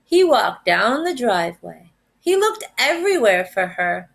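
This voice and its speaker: Animated woman reading to first graders. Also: fairly high pitch, a little slow, creaky. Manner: animated, expressive storytelling. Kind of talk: reading a picture book aloud.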